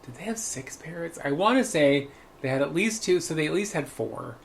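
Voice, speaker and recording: A man co-hosting a podcast, chatting casually and telling animated stories. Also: on the high side, a little fast, creaky, a little hiss or hum. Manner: chatty storyteller, animated when quoting. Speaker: podcast co-host. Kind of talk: casual chat.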